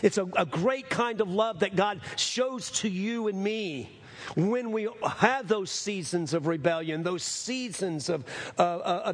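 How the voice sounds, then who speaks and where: A middle-aged male pastor preaching a sermon, his fairly high voice gravelly and husky. He swings from raised, emphatic lines down to low, slow phrases that sink almost to a hush.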